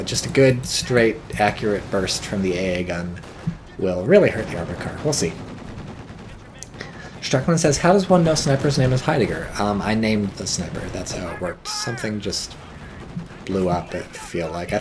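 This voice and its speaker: A man's voice: lowish voice, background noise. A man giving casual live-stream commentary on a strategy game, wry and offhand, swearing now and then.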